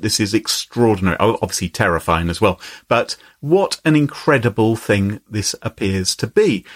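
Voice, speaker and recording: A man hosting a podcast, chatting in a lively, playful way. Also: medium pitch. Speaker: podcast host. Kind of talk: casual chat.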